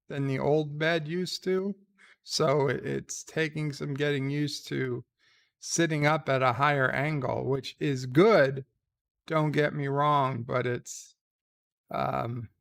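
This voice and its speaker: A man hosting a casual live stream from bed, reading out chat messages in a slow, halting way with dry, irreverent remarks. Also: on the high side, creaky, fairly bright tone. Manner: slow, halting, with many pauses and fillers; wry and irreverent. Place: lying in a bed.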